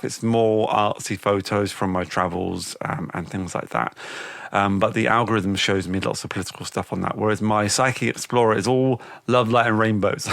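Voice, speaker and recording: A man's voice: fairly low pitch, gravelly, a bit bright, no echo, clean studio sound. A man hosting a podcast, talking in a reflective, chatty way with frequent restarts. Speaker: podcast host. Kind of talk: casual spoken monologue.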